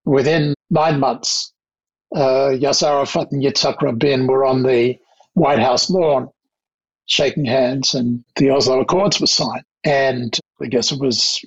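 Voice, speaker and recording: Older Australian man, gravelly and husky, reflective interview guest, slightly dull recording. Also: medium pitch, fairly even intonation. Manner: anecdotal, measured, with restarts. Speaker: guest, diplomat.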